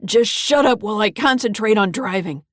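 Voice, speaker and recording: A woman playing a mean, gruff old grandfather who talks in a gravelly, curt and bullying way. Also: medium pitch, normal speed, a bit bright, dry recording, studio quality, lightly acted.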